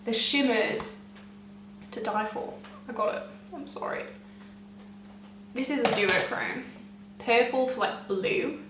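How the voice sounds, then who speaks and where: A young woman gushing excitedly to camera as a beauty vlogger, chatty and often laughing. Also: fairly high pitch, takes it slowly, long pauses, noisy background. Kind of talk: casual chat to camera. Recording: echoey room, mic at a distance.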